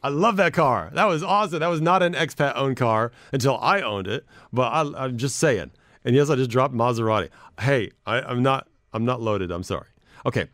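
A man's voice: mid-range voice, brisk, a bit bright, dry recording, clean studio sound. A man hosting a podcast in casual chat, rambling and self-deprecating as he reads messages aloud. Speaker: podcast host.

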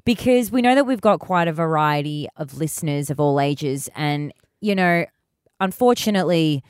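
A woman's voice: low-pitched, expressive, moderate pace, clean tone, dry recording. Woman co-host, casual and candid, swears freely; dry studio mic. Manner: chatty, frank, swears casually. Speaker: podcast co-host. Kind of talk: casual chat. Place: podcast studio.

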